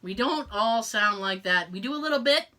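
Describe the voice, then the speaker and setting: A high, bright woman's voice with a Boston accent, swooping all over the place as she chats on a podcast. She swears freely and laughs often, dropping into mock voices to make her points. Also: animated, normal speed. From Boston area. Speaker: podcast co-host. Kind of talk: casual chat.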